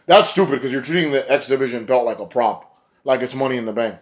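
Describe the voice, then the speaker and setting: A man rambling through a casual wrestling recap in a vlog, excitable and often swearing. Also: mid-range voice, fast talker. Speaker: wrestling reviewer.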